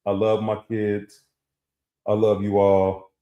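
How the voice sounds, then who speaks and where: A man's voice: fairly low pitch, completely flat delivery, takes it slowly, lo-fi sound. A middle-aged man co-hosting a casual talk show and telling a personal story, acting out the voices he quotes. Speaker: co-host. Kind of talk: casual chat. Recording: echoey room.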